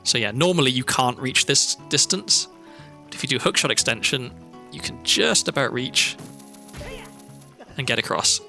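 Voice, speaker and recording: A Welsh man gives relaxed, rambling commentary while he plays a game on stream, drifting into personal asides. His voice is bright and forceful, at an ordinary middle pitch. Soft music plays faintly behind him. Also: moderate pace, gravelly. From Wales. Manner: chatty, rambling and thoughtful, often trailing into asides. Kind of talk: casual gameplay commentary. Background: faint background music.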